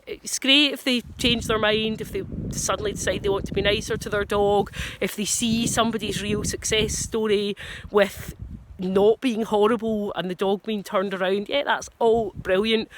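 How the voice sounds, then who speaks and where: A woman's voice: mid-range voice, background noise. A woman with a Scottish accent, a dog trainer, talking frankly and casually to camera with self-deprecating asides. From Scotland. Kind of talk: casual advice talk to camera.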